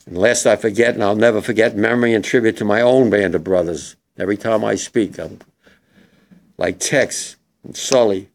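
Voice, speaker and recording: An older war veteran giving an emotional, halting memorial speech to young people in a hall. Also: male voice, lowish voice, creaky.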